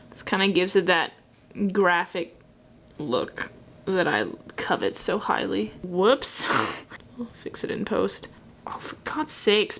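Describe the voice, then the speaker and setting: A young Canadian woman with a Canadian accent and a mid-range, slightly bright voice hosts a drawing tutorial. She talks casually and sarcastically as she draws, muttering self-mocking asides under her breath.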